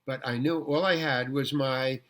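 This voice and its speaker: A man's voice: mid-range voice, normal speed. An older man from New York, a guest actor telling stories in a casual interview, rambling with restarts and acting out quotes. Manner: rambling, animated, full of restarts and acted-out quotes.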